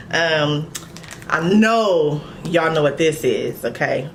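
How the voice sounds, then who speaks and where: A woman's voice: on the low side, normal speed, fairly bright tone, slight background noise. A woman from Los Angeles chatting casually through a mukbang vlog at home, laid-back and swearing freely. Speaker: mukbang vlogger. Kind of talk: casual chat.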